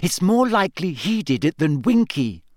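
A man's voice: high-pitched, sing-song, moderate pace, dry recording, clean studio sound, pitched above the performer's own voice, heavily acted. A man reading aloud, voicing an earnest, insistent teenage girl in a storybook. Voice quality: raised, heated.

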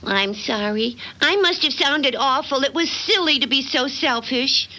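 An actress voicing a sweet, cheerful young cartoon housewife who talks in a chirpy, giggly way. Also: female voice, high-pitched, lively intonation, a little slow, pushed and bright, heavily acted. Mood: warm.

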